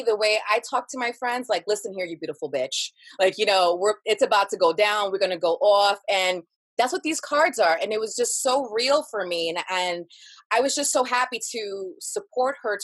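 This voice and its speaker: A woman hosts a casual live-stream interview in an ordinary mid-pitched voice. She talks with gushing, eager enthusiasm, and her sentences are full of "like" and "um". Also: a bit bright. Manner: gushing and enthusiastic, many fillers like "like" and "um". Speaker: host.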